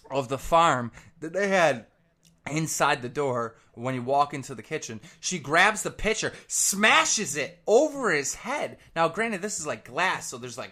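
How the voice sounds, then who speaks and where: A man commentator telling a rambling, profane comic story with animated energy. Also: a little high.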